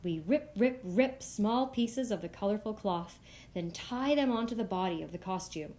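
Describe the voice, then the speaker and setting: A woman reading a picture book aloud for young children at storytime, voicing the young narrator with bright, lifted lines. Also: normal speed. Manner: expressive, lifting high for the child's voice. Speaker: storytime reader.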